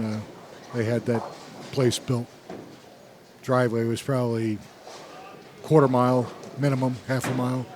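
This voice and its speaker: Male bowling commentator, chatty and jokey, noisy alley broadcast. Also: mid-range voice. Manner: chatty, jokey, laughs often. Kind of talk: casual play-by-play commentary. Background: bowling alley noise.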